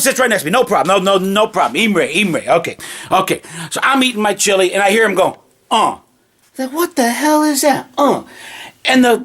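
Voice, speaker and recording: A man's voice: high-pitched, bright, forceful tone. A man recounts a wild encounter in loose, conversational storytelling. He swears often, repeats himself for emphasis and restarts sentences as the memory comes back. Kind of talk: casual spoken anecdote.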